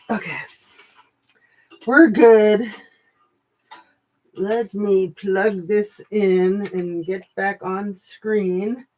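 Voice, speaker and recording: A woman's voice: mid-range voice, mellow. A woman commentator chatting casually to her camera, with scornful asides. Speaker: YouTube commentator.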